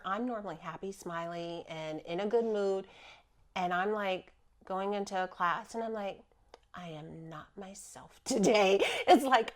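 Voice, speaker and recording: A woman guest speaking about healing in a casual chat, animated and earnest, often breaking into laughter. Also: medium pitch. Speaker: guest, spiritual healer.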